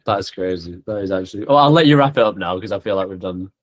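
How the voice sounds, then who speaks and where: A man's voice: deep voice, fast. A tired young man co-hosting a casual podcast, rambling with lots of "like" and acted-out quotes. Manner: rambling, animated, full of fillers and acted-out quotes. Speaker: podcast co-host, posing coach.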